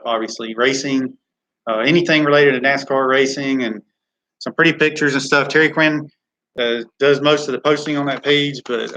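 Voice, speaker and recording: A man's voice: medium pitch, fairly bright tone, low-quality recording. A man hosting a live chat Q&A from a studio, rambling and reading viewer comments aloud. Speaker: live stream host.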